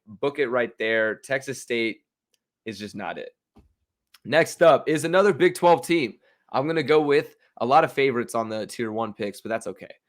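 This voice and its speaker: An excitable man runs through his football betting picks in a loose, rambling way. He is opinionated and full of restarts, and his voice sits in an ordinary middle pitch. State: hiccups. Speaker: sports betting podcast host. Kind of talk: casual sports betting talk.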